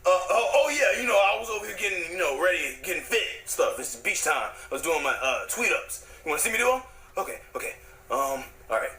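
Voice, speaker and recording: An excitable male cartoon bird voiced by a man, gushing and exclaiming in a bright, high voice. His pitch swoops all over the place. The room gives it a roomy echo. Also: brisk, full character voice. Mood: flustered. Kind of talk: cartoon voice acting.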